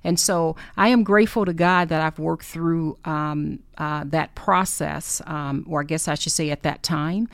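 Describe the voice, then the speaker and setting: Low-voiced earnest woman podcast host. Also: steady tone, gravelly, no echo. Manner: earnest and heartfelt, with many pauses. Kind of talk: unscripted personal talk.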